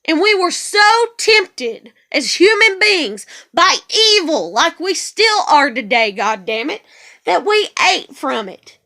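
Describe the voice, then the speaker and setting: A woman's voice: high voice, big pitch swings, slow, sharp tone. A woman in an emotional, angry monologue vlog, swearing heavily and hammering her points through repetition. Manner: heavily profane, ranting. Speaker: vlogger.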